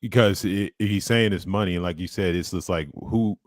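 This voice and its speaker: A man's voice: sits low, normal speed, no room sound, clean studio sound. A man from the United States on a boxing panel, talking bluntly and profanely over a video call. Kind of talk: casual panel chat.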